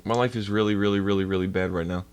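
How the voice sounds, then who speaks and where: A man's voice: low voice, fairly even intonation, very fast, clear, resonant tone. A man livestreaming and ranting in a heated, profane way to his chat. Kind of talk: casual livestream rant.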